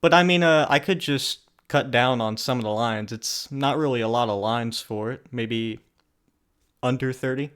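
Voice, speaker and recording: A man's voice: mid-range voice, normal speed, clear, resonant tone. A man hosts a laid-back interview show, firing off questions to his guests. He talks casually and pokes a little fun at himself along the way. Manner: relaxed, self-deprecating. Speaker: host.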